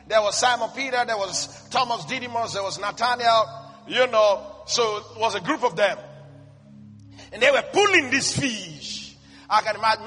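A male preacher with a very high, bright voice delivers a slow, emphatic sermon. The sound carries a long hall reverb with faint music behind him. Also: slightly rough. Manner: emphatic preaching, declaring blessings. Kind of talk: sermon with Bible reading.

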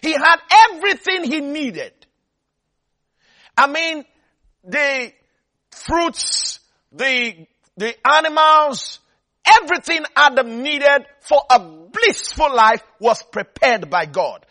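Man preaching, very high voice, bright and forceful, repetitive emphatic delivery. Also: animated, slow pace. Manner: repetitive, building emphasis, checks on listeners. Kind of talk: sermon.

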